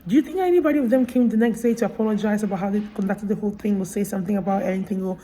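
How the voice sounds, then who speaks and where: A woman's voice: mid-range voice, rapid-fire, warm tone, rough recording. A woman recovering from surgery, telling a hospital story with indignant emphasis in a casual vlog. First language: Italian. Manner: indignant, emphatic retelling with quoted dialogue. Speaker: vlogger. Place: hospital room.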